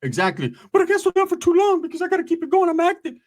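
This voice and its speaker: Frantic, wired young homie, squeaky and jittery. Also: male voice, huge pitch swings, racing, heavily acted. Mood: aggressive. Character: hyper high gang member cousin, young man.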